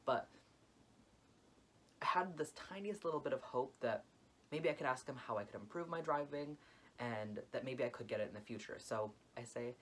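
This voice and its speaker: A man's voice: medium pitch, normal speed. Young guy dramatically telling a storytime, lots of "like", faint background hum. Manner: dramatic, expressive retelling full of "like". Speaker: vlogger. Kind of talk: storytime vlog.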